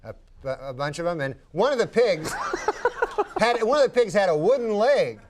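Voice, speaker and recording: A man from Canada, a talk show guest, telling a long comic story in a deadpan, meandering way with halting restarts. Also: high voice, a little hiss or hum. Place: television studio.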